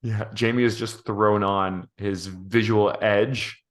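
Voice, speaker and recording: A man co-hosting a podcast, thinking out loud in a rambling, thoughtful way with many restarts. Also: on the low side, fairly even intonation, takes it slowly. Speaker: podcast co-host. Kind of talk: casual podcast chat.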